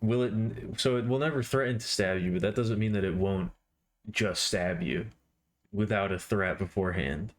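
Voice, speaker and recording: Man, low voice, casual stream chat, rambling and playful, talks to viewers while drawing. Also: moderate pace. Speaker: art streamer.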